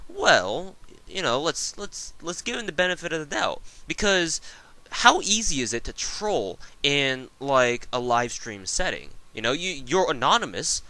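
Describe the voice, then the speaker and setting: Animated, bright-voiced gaming vlogger man. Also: medium pitch, no room sound. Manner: rambling and profane, with many fillers and restarts. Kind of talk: casual storytelling monologue.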